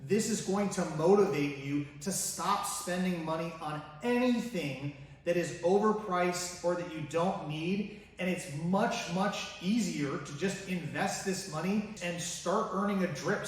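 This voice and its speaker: A man hosting a personal finance video, talking straight to the viewer with enthusiasm and many rhetorical questions. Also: high-pitched. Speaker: finance YouTuber. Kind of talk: direct-to-camera finance vlog. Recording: very echoey room, mic at a distance.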